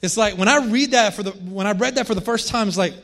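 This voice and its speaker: High-voiced man preaching conversationally. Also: quick pace, fairly bright tone, a little hiss or hum. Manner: conversational preaching with frequent restarts and asides. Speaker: pastor. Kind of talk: sermon.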